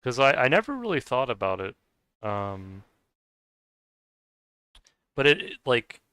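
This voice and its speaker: A US-based man streams a game and chats casually, rambling and hesitant, full of fillers, restarts and frequent laughs. His medium-pitched voice is very animated, pushed and bright yet smooth, a little slow, in a dry recording.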